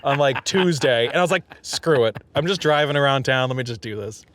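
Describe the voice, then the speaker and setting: A man's voice: mid-range voice, fairly quick, a bit bright, no echo. Chatty laughing young man, dry sound. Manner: chatty, laughs often, tells stories. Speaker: reporter on the road. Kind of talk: casual chat.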